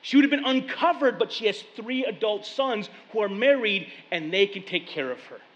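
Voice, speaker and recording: Pastor, male, somewhat high voice, animated storyteller, long hall reverb. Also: normal speed, highs cut off. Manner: animated storytelling, paraphrasing scripture in casual speech. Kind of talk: sermon.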